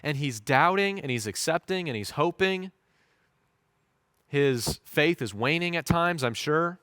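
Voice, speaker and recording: A male pastor giving a sermon with a fairly high voice, telling his story with lively voiced quotes. The sound is dry and close, with little room echo. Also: a little slow, clear, resonant tone.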